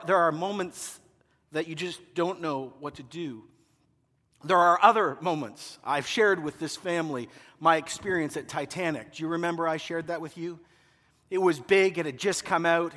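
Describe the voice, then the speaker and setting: Animated storytelling pastor in a hall. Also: male voice, fairly high pitch. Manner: animated storytelling, acting out movie scenes. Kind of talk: sermon. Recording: long hall reverb.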